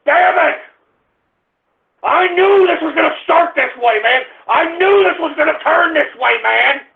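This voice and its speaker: Angry cursing male radio host, very high gravelly voice, tinny phone-like sound. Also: lively intonation, unhurried. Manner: angry, exasperated, cursing, shouting at listeners. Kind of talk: ranting at a live chat room.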